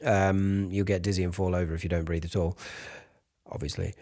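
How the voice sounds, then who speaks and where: Raspy man coaching singers. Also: low-pitched, little pitch movement, brisk, a little mellow. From United Kingdom. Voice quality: raspy, breathy speaking voice. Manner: informal, demonstrates sounds mid-sentence. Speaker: vocal coach. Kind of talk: singing lesson to camera.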